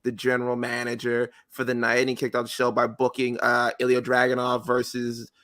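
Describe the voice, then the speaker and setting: A man's voice: medium pitch, monotone, brisk, a bit bright, clear, resonant tone. A man co-hosting a podcast, recapping a show in rambling, filler-heavy casual talk. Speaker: podcast co-host.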